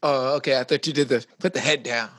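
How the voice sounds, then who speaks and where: A man's voice: medium pitch, fairly even intonation, quick pace, a bit bright, no room sound. A man interviewing a guest, supportive and asking probing questions. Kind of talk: podcast interview.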